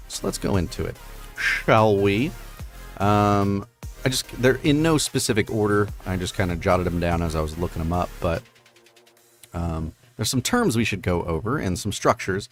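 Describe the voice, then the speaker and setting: A middle-aged man hosting a casual livestream, chatting through explanations with many fillers and quick checks with listeners. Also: fairly low pitch, animated, soft background music. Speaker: host.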